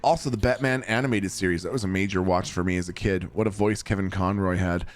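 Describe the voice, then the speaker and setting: A young gamer on stream chats casually with viewers, laid-back, with frequent swearing and laughter over the game music. His deep voice stays steady in tone while moving fast.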